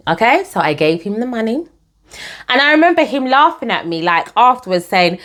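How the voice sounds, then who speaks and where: Animated, chatty young woman. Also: fairly high pitch, fast talker. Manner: chatty, animated, addresses viewers as guys. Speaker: vlogger telling her own story. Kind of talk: casual storytelling to camera.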